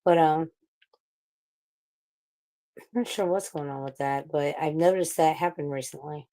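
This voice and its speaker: Woman, St. Louis native, slightly low voice, casual profane ranter on a stream panel. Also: a little slow, dark tone. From St. Louis, USA. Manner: profane, ranting, rambling with restarts. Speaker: livestream panel participant. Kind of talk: casual livestream chat.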